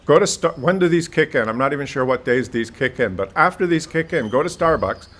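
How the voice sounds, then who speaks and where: A man talks straight to the viewer in an indignant, explanatory commentary. His voice sits at a middle pitch for a man. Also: expressive, fairly quick, a bit bright. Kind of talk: video commentary.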